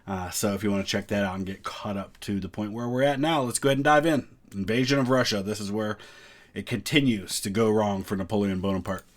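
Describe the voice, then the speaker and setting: A man with a stuffy head cold, hosting a history reaction video in a relaxed, chatty way with lots of fillers. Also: lowish voice, fast talker, slight background noise. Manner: relaxed, filler-heavy chat. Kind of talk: casual reaction commentary.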